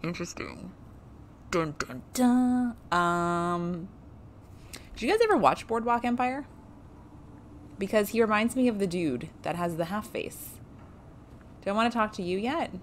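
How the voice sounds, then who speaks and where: A woman's voice: medium pitch, lively intonation, measured pace, pauses often, slight background noise. A woman streaming a game playthrough, chatting casually, laughing often and swearing freely. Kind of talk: casual let's-play commentary.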